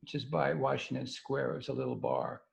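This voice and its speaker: An older man, a guest, telling a story in a halting, stop-and-start way with casual swearing. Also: mid-range voice, fairly even intonation, vocal fry. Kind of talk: rambling storytelling. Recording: dull lo-fi sound.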